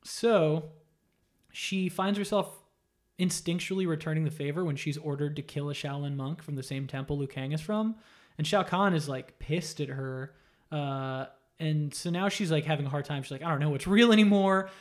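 A man's voice: fairly high pitch, moderate pace. A man casually retelling a video game story in a loose, profane way, acting out the characters' lines. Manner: animated, profane storytelling with acted-out quotes.

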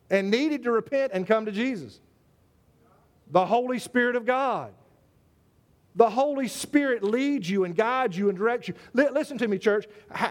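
A man preaching a sermon to his church, emphatic and repetitive, full of rhetorical questions. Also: high-pitched. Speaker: pastor.

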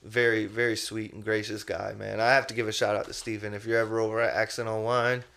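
A man's voice: fairly low pitch, little pitch movement, fast, gravelly, a bit bright. A man hosting a podcast in casual chat, a laid-back, rambling storyteller who drops slang. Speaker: podcast host.

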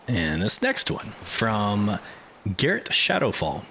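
A man reading submitted letters aloud in a measured, even way, with steady background noise. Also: deep voice. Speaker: reader of community letters.

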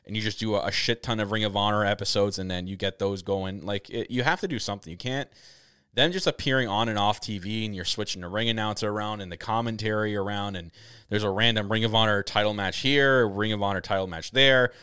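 A man from Canada hosting a casual talk podcast, rambling excitably with lots of restarts. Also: fairly low pitch, fast, clear, resonant tone, dry recording, studio quality. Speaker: podcast host. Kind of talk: casual chat. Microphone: camera setup on a video call.

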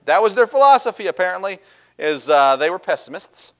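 A man's voice: sing-song, a little fast, fairly bright tone. A middle-aged male pastor giving a sermon in a conversational way, with fillers and restarts, and acting out the complaining people in a raised voice. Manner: acts out Bible voices and the people's complaints with bursts of pitch.

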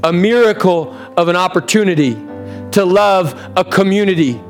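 Man, 30s, pastor, high voice, preaching an emotional sermon in church over faint music. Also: lively intonation, normal speed. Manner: impassioned, with big swings in pitch and pace.

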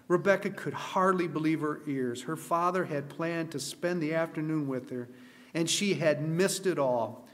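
An earnest man reads a story aloud with expression. His voice is somewhat high for a man. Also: normal speed. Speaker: storyteller at a camp meeting. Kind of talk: story reading.

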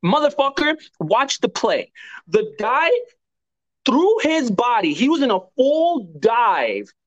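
A man co-hosting a casual sports podcast, excitable and profane, talking in halting bursts full of restarts. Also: extremely high pitch, highs cut off. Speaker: podcast co-host.

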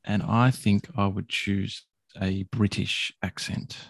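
A man chatting casually as a co-host, relaxed and hesitant with restarts. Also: on the low side, takes it slowly, creaky, dry recording. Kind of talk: casual chat.

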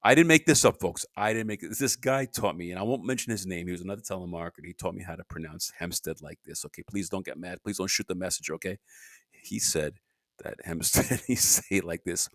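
With a deep voice and a brisk pace, a podcast host rambles alone through a loose monologue. He keeps restarting sentences and muttering grumbling asides, and there is no echo.

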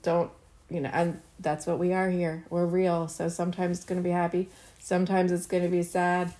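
In casual podcast chat, a middle-aged co-host tells stories earnestly, using lots of fillers. She has a fairly low, mellow voice with flat delivery and speaks at normal speed.

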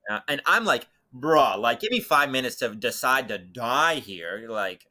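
A young man telling a personal eerie story as a podcast guest, animated, acting out voices and swinging from loud to hushed. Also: mid-range voice, a little slow. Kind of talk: dramatic storytelling in conversation.

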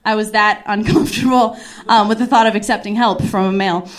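A woman's voice: medium pitch, fairly even intonation, fairly quick. A woman telling a stand-up comedy story, rambling and self-deprecating, full of "like" and restarts.

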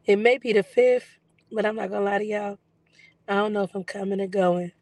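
Chatty woman with a flat, recovering voice. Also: mid-range voice, fairly quick, no room sound. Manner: chatty, relaxed storytelling with fillers. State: recovering from lost voice. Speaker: psychic medium vlogger. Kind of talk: casual video journal.

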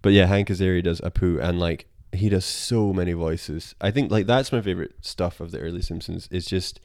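A man on a podcast, chatting in a rambling, animated way and retelling scenes. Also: low-pitched, a little fast, no echo, studio quality. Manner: rambling, animated, puts on character voices in retellings. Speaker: podcast co-host. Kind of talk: casual chat.

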